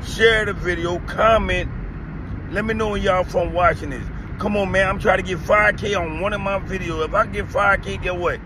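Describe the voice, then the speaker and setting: Angry, high-voiced man ranting outdoors. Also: steady tone, moderate pace. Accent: Southern US. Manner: profane, heated, repetitive. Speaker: delivery driver vlogger. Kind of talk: angry rant to camera. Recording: noisy outdoor traffic background.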